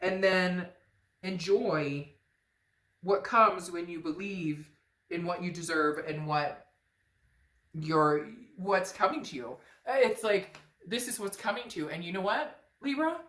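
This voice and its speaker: A woman's voice: on the low side, slow pace, a bit bright. A woman giving an earnest, emphatic tarot reading to her viewers, often repeating phrases. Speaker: tarot reader. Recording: echoey room.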